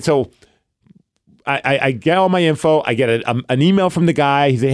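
A man's voice: medium pitch, quick pace, no room sound, studio quality. A man from Brooklyn with a New York accent, co-hosting a podcast and telling a rambling story in casual chat, acting out what others said. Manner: rambling, restarts often, acts out quoted dialogue. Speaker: podcast co-host.

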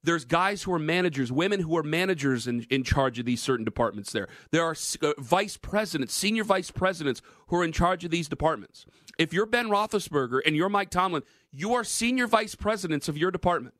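Bright-voiced sports radio host. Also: male voice, a little high, brisk, no echo, clean studio sound. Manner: animated, teasing banter.

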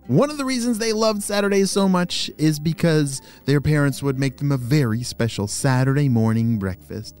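A man's voice: a little high, expressive, normal speed, few pauses, a little mellow, faint music behind. A man hosting and narrating children's stories in an enthusiastic, playful way. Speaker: children's storyteller and host. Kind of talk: animated story narration for kids.

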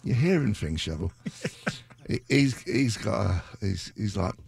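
A man's voice: lowish voice, sing-song, unhurried, vocal fry, darkish tone, breathy edge. A British man hosting a radio show, chatting casually in a rambling, self-deprecating way into a studio mic. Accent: British English. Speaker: radio DJ host.

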